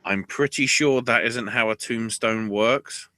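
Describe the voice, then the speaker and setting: A man co-hosting a casual wrestling recap podcast, excitable and profane, often laughing. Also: mid-range voice, unhurried, no echo. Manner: excitable, profane, breaks into laughter and mock voices. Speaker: podcast co-host.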